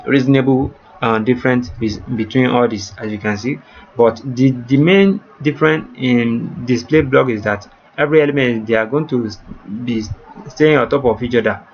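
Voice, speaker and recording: Male coding tutor, patient and repetitive, mid-pitched voice, slightly muffled lo-fi recording with faint background noise. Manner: repetitive step-by-step explaining, addresses viewers as you guys.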